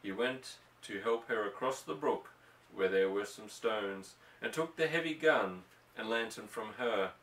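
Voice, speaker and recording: A man reading a novel aloud in an even, unhurried narration. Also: on the low side. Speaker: audiobook reader. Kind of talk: measured story narration. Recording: roomy, distant mic.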